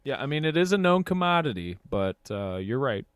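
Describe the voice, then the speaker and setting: A man's voice: mid-range voice, big pitch swings, brisk, clear, resonant tone, no echo, clean studio sound. A man co-hosting a comedic sports podcast, playfully going along with the jokes. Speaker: podcast co-host.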